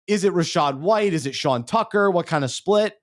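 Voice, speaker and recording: A man co-hosting a podcast, speaking in a slightly higher register. He talks in a loose, rambling way, stumbles over words and trails off low at the ends of his thoughts. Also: animated, normal speed. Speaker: podcast co-host. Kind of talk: casual podcast chat.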